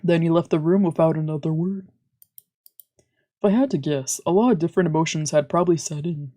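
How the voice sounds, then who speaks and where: A VTuber narrating a visual novel aloud in an animated, reactive way. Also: mid-range voice, fairly quick. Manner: animated, reacting with loud outbursts then narrating. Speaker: streamer, VTuber.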